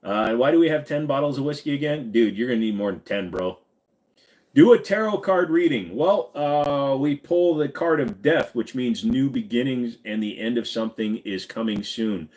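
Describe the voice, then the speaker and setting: A man's voice: mid-range voice, animated, moderate pace, darkish tone. Rambling, joking man chatting with a live stream. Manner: rambling, joking and profane, reading out chat. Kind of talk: casual live stream chat with viewers.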